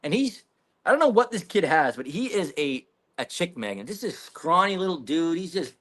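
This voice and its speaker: A man tells a long, rambling story, animated and full of swearing. His voice is fairly high for a man and swings widely up and down as he talks. It sounds like casual podcast storytelling. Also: moderate pace. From Canada. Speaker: podcast guest.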